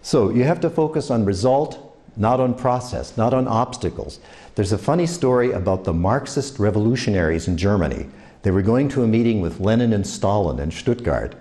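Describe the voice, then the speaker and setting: An older New York man gives a motivational career-advice talk, telling anecdotes and acting out the voices of the people in them. His voice is lowish and mellow, with lively intonation and a slightly fast pace.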